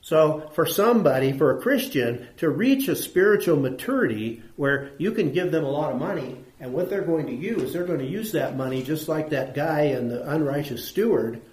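Male preacher, talky Bible lesson, fond of questions and repetition, slightly raised pitch, roomy church acoustics. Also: animated, moderate pace, few pauses, darkish tone. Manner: asks the audience questions, repeats points for emphasis. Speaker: preacher teaching a Bible class. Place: church room with audience. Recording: echoey room.

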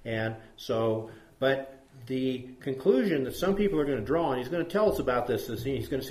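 A man's voice: mid-range voice, animated, fairly quick, hardly any pauses, a little mellow. A man leading a conversational Bible study, rambling a little and asking the group questions. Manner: rambling, asks the group questions, many fillers. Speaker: Bible teacher. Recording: echoey room.

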